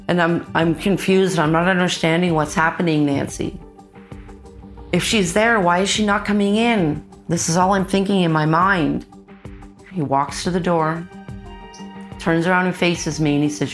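Middle-aged interviewee, low voice, intense halting retelling. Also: female voice, soft background music. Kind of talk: emotional interview recounting.

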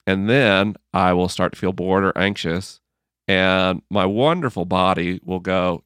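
A man being interviewed about his book, telling stories in an earnest, gently humorous way and acting out his own inner dialogue. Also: low-pitched, unhurried, clear, resonant tone, no room sound, clean studio sound. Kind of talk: reflective conversational storytelling.

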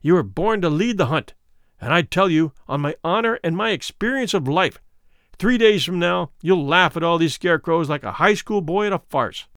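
A man voicing a smooth, worldly and ruthless male doctor who talks in a coolly persuasive, condescending way. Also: fairly high pitch, expressive, moderate pace, fairly bright tone, dry recording, studio quality.

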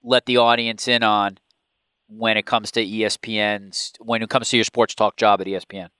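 A man's voice: on the low side, level tone, moderate pace, bright, forceful tone, clear, resonant tone, no echo. A man interviewing a guest, asking long, carefully built questions.

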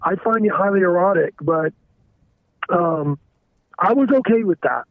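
A man calling in to a show, talking candidly and haltingly, often stammering and restarting his sentences. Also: sits high, lively intonation, dry recording. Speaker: caller. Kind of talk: candid confessional phone call. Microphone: telephone. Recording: tinny dry phone line.

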